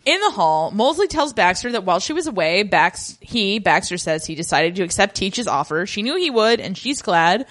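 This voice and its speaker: A woman's voice: mid-range voice, very animated, normal speed, few pauses, fairly bright tone. A woman co-hosting a podcast, recapping a drama with sarcastic jokes in casual chat. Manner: sarcastic, joking asides. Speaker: podcast co-host.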